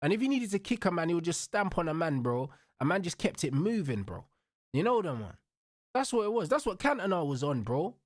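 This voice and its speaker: Hosting a football watch-along, this young man delivers a heated, profane rant in a fairly quick, sing-song voice on the high side. The studio sound is clean with no room echo, and nearly every line ends in a slang tag like bro, bruv or blood.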